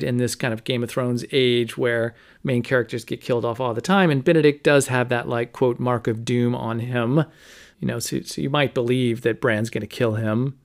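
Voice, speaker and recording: A man hosting a podcast, casually recapping a book's chapters with lots of "you know" and "like". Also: medium pitch. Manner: conversational, many fillers like "you know" and "like". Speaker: podcast host. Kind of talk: casual book recap with read-aloud quotes.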